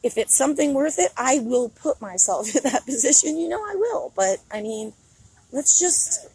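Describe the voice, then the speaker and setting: A woman's voice: high voice, expressive, moderate pace, darkish tone, breathy edge, rough recording. A middle-aged woman on a casual outdoor phone livestream, talking candidly and rambling, often breaking into laughter. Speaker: vlogger. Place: outdoors in a city.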